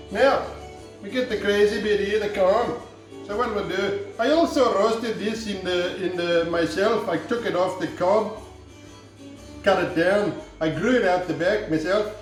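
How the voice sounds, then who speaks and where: An Irish man hosting a comic home cooking show, rambling through jokey, deadpan asides in his kitchen. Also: high-pitched, very echoey, rough recording.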